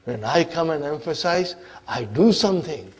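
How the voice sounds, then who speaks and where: A man's voice: fairly high pitch, lively intonation, normal speed, husky. A man playing a boastful bossy grammar particle. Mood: scornful. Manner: scornful, boasting, raised and emphatic.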